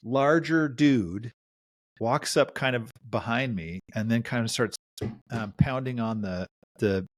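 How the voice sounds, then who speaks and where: A man hosting a casual podcast tells a long story at a mid-range pitch. He rambles, restarts and chuckles as he goes. The recording is close and dry, with no room sound. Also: slow, dry recording. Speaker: podcast host.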